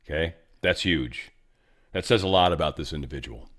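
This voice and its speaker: A man's voice: very deep voice, normal speed. A man hosting an online talk show, talking in a loose, rambling way with many asides. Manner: animated, rambling, fond of asides. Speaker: show host. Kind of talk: casual political commentary.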